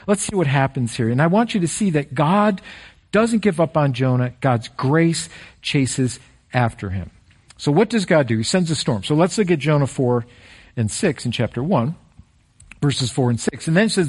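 A middle-aged man preaching a sermon as pastor, earnest and animated, with direct appeals to the listeners. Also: fairly high pitch, normal speed, husky.

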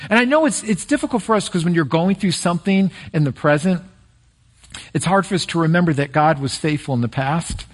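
Man, pastor, middle-aged, sermon, folksy storyteller, slightly high voice. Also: expressive. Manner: folksy and personal, prays then tells stories; slows down to stress key phrases.

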